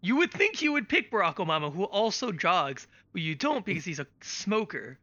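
A man's voice: high-pitched, big pitch swings, brisk, bright, forceful tone, no echo. A man co-hosting a podcast, chatting casually with an offhand, jokey manner. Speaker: podcast co-host. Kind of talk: casual chat. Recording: dull lo-fi sound.

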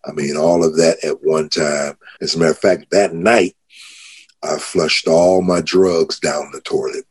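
Unhurried and slightly rough, this American pastor's voice tells of his conversion in a podcast interview. As the story goes on he grows excited, pitch rising when he recounts the shouting.

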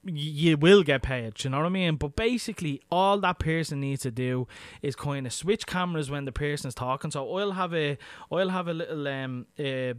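A man's voice: a little high, moderate pace, no room sound, clean studio sound. An Irish man hosting a podcast, talking casually and crudely with lots of swearing. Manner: crude, swearing, chatty and matter-of-fact. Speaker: podcast host. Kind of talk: casual solo podcast monologue.

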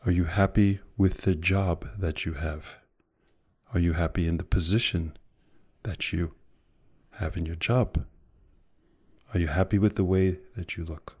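A man hosting a podcast, giving a motivational monologue built on repeated rhetorical questions and slow, drawn-out emphasis. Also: sits low, steady tone, a little mellow, breathy edge, muffled recording. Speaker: podcast host.

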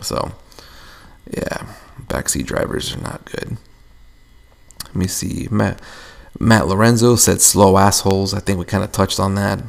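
A man's voice: low voice, steady tone, unhurried, gravelly, pauses often. A young man hosting a casual solo podcast, rambling and venting with lots of swearing. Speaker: podcast host.

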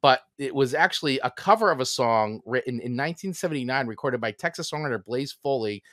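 A man's voice: medium pitch, animated, fairly bright tone, no room sound. Easygoing male podcast co-host, dry sound. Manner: easygoing, halting, many restarts and fillers. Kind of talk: casual chat.

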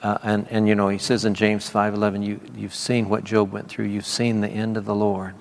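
On the low side and level in tone, this man talks fairly quickly with vocal fry. Giving prophetic words and preaching to a meeting, he stays conversational with laughing asides and repeated praise; it's informal charismatic ministry in a church hall, with long reverb and faint background ambience.

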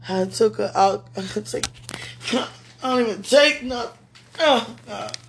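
A distressed former minister speaks very slowly in an emotional live chat, murmuring prayers and pleading with himself to calm down. The voice sits at an ordinary pitch and is tense throughout. Steady noise and clicks run underneath the recording. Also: vocal fry.

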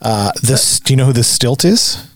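A man's voice: mid-range voice, animated, normal speed, no echo. A man co-hosting a podcast, running a playful sports quiz and laughing easily. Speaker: podcast co-host. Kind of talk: casual chat.

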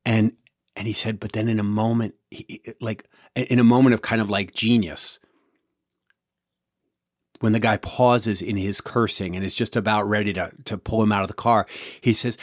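A man's voice: fairly low pitch, fairly even intonation, normal speed, dry recording, clean studio sound. A man hosting a podcast, telling a story in a casual monologue, with many restarts and repeated words. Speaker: podcast host.

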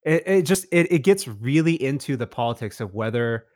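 A man's voice: medium pitch, expressive, moderate pace, darkish tone, dry recording. A man in a casual podcast chat, talking in a mid-range voice with eager, rambling enthusiasm. He stumbles over restarts and fills the gaps with "like" as he gushes. The recording is dry and close.

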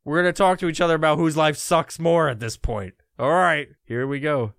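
A man's voice: fairly high pitch, fairly quick, creaky, fairly bright tone, dry recording, studio quality. A man hosting a podcast and telling a story as a profane comedy rant, swearing constantly and jumping into indignant outbursts. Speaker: podcast host.

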